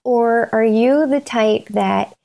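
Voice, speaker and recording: Speaking slowly, a woman with a fairly high, mellow, gravelly voice co-hosts a laid-back podcast conversation. Her talk is sincere and meandering, dotted with fillers and restarts, as she fights tears and sometimes cries.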